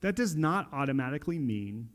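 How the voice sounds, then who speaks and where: Animated man preaching a sermon. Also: mid-range voice, fairly quick. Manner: animated preaching with frequent restarts. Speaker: pastor. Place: church sanctuary.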